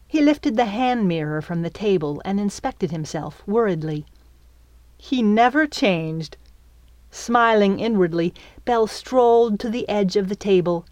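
A woman narrates her own book at an unhurried pace, with her pitch rising and falling vividly. The recording is dry and close, with no room sound. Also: no echo. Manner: slow, expressive storytelling. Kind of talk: audiobook narration.

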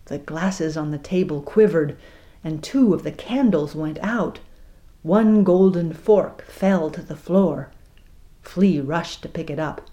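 A woman reading an audiobook aloud in a measured, expressive way. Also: deep voice. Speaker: narrator. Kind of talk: audiobook narration.

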